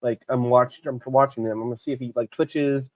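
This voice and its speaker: A man's voice: mid-range voice, fairly even intonation, a little fast, no room sound, phone-quality sound. A man playing a tabletop game, chatting with laughs and swearing. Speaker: player.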